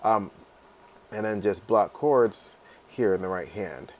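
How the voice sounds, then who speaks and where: A man teaching a class how to add lyrics in notation software, talking casually with fillers and checking in with "right?". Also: on the low side, lively intonation, takes it slowly. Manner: casual, repeats "right?" and fillers, sings melody snippets. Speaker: music teacher. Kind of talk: screen-recorded software tutorial.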